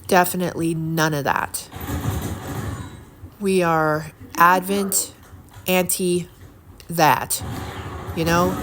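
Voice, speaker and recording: A woman's voice: fairly low pitch, slow pace, pauses often. A middle-aged woman talking to camera in a rambling, indignant way, with many fillers and repeated words. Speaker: vlogger. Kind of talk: casual monologue to camera. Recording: steady audible background noise.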